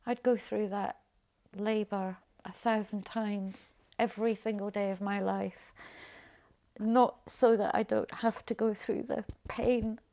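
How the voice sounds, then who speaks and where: A middle-aged woman, a mother, recounting her past in a documentary interview, speaking quietly and haltingly, often trailing off low. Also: steady tone.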